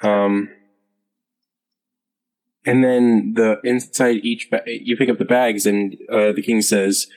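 Male game master, low voice, slow and halting narration, long reverb. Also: level tone, darkish tone. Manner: unhurried, hesitant narration with many fillers.

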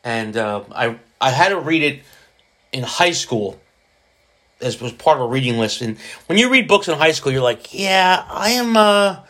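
A man's voice: medium pitch, animated, moderate pace, fairly bright tone. A man hosting his own podcast in a casual, rambling monologue, often restarting his sentences. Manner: slips into jokey put-on voices. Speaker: podcast host.

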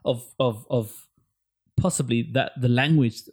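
A man co-hosting a casual film chat, opinionated and animated, often restarting his words. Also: medium pitch, a little slow.

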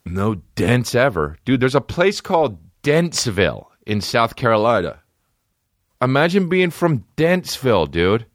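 A man hosting a podcast, telling stories in a rambling, swearing, comedic way and breaking into high, silly voices. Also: sing-song, measured pace, dry recording, clean studio sound. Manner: swearing, rambling, jumps into high-pitched impressions. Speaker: podcast host. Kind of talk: casual comedic rambling monologue.

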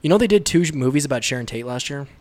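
A man's voice: mid-range voice, expressive, rapid-fire. A man chatting casually about movies, rambling with lots of fillers and laughing often. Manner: rambling, laughing, mimics voices in quotes.

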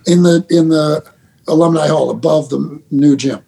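A middle-aged man, a basketball head coach, telling animated stories with laughter and quick restarts in a casual interview. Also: on the high side, gravelly, slightly rough. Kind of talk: storytelling guest in a casual interview.

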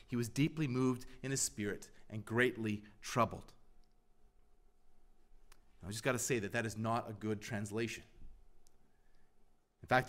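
A man preaching a sermon as pastor, emphatic, pressing repeated questions and swinging from loud to hushed. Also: medium pitch.

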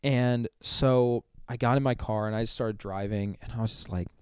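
Young man, youth minister guest, smooth clear voice, dry close sound, animated storyteller. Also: medium pitch, moderate pace, dry recording. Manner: animated retelling, acting out quotes, many "like" fillers. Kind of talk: casual storytelling interview.

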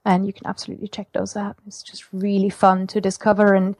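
German-born woman teacher, chatty and excited, lots of ums, dry close sound. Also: mid-range voice, fast, no room sound. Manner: enthusiastic, chatty with many fillers. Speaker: language teacher guest. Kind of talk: casual podcast interview.

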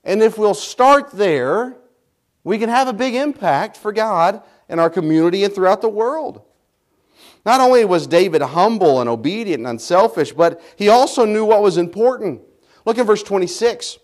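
A man's voice: high-pitched, expressive, moderate pace. A man preaching a sermon as pastor, speaking emphatically and building his points through repetition.

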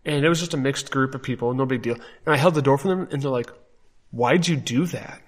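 A man from Wisconsin, co-hosting a podcast, tells a long story with a lot of energy. He switches into the voices of the people he quotes as he goes. His voice sits at an ordinary middle pitch. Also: brisk. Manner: animated storytelling, acting out quotes. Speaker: podcast co-host. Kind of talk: casual chat.

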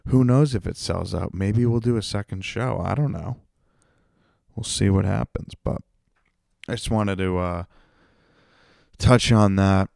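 Low, gravelly man ranting. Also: unhurried, pauses often, a little mellow, no room sound, clean studio sound. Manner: profane, ranting and venting. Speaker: comedian podcast host. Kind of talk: casual solo podcast monologue.

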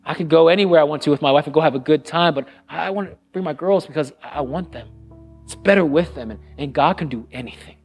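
A middle-aged man preaching a sermon as pastor, earnest and conversational, repeating phrases and dropping to a hush on solemn lines. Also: a little high, fast, soft background music. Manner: drops to a hushed voice on solemn lines.

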